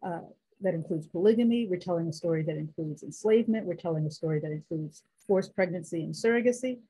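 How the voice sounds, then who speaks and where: A middle-aged woman, a biblical scholar guesting on an interview, speaking in an emphatic, teacherly way and listing names in a measured cadence. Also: fairly low pitch, dark tone, breathy edge, rough recording.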